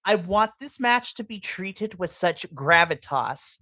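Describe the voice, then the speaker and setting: A woman's voice: on the low side, lively intonation, takes it slowly, a bit bright, dry recording. A woman hosting a live podcast in a casual chat. She rants with passion, breaking into playful, exaggerated asides. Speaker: podcast host. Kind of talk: casual livestream reaction chat.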